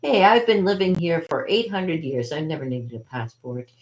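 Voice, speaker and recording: A woman's voice: sits low, sing-song, moderate pace, low-quality recording. Woman doing an indignant ancient dragon. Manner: baffled, indignant.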